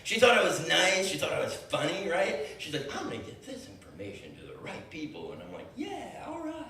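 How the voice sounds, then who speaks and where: Animated man telling a story in an echoey room. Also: a little high, fairly quick, vocal fry, distant mic. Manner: animated, acts out every line of dialogue, laughs often. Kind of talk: comedic storytelling to an audience.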